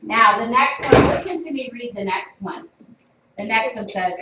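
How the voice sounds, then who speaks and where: A woman teaching a classroom phonics lesson, drawing out sounds and giving clear prompts to the class. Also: a little high, normal speed. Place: school classroom. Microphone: distant camera mic. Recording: echoey classroom, distant, dull, noisy. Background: classroom noise.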